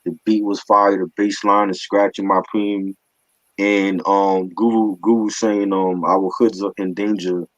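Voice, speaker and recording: A man's voice: lowish voice, little pitch movement, measured pace, dry recording, highs cut off. A man co-hosting a casual hip hop album review, slangy, joking and opinionated.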